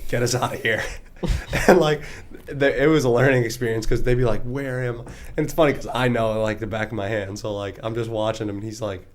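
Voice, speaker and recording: A man's voice: lowish voice, darkish tone. A young man, co-hosting a podcast and telling stories in casual chat with friends, often laughing. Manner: laughing storyteller. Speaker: podcast co-host.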